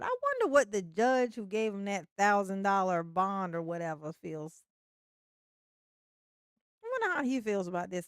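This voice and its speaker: A woman's voice: medium pitch, no echo, clean studio sound. A woman hosting a casual livestream commentary, chatty and swearing freely, often breaking into laughter.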